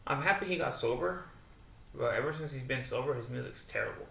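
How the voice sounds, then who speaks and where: A man co-hosting a podcast in casual chat, ranting in an animated way and mocking others with put-on quotes. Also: mid-range voice, brisk, vocal fry. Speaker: podcast co-host. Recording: echoey room, distant mic, faint noise.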